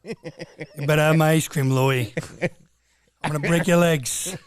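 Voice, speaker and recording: A man's voice: a little high, fairly even intonation, a little slow, smooth, no room sound, natural voice. A man doing an impression of a menacing tough-guy gangster who keeps repeating his threats. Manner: threatening, repetitive.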